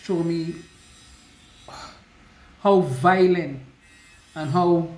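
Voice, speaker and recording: Woman, halting testimony, echoey. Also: on the low side, a little mellow. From US Virgin Islands. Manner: halting, with restarts and slow emotional stretches. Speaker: survivor sharing her story. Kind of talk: personal testimony.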